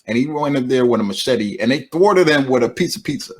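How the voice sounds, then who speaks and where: A man with a husky voice, chatting in a relaxed, joking way on a podcast. He stumbles and restarts his sentences as he talks. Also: mid-range voice, quick pace. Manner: laid-back, joking, hesitant restarts. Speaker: podcast co-host. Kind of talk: casual podcast banter.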